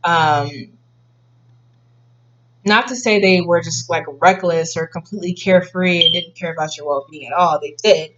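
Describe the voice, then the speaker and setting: A woman's voice: fairly low pitch, moderate pace, a bit bright, muffled recording, slight background noise. A woman giving a casual tarot reading to her viewers, rambling with many fillers and restarts. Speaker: tarot reader.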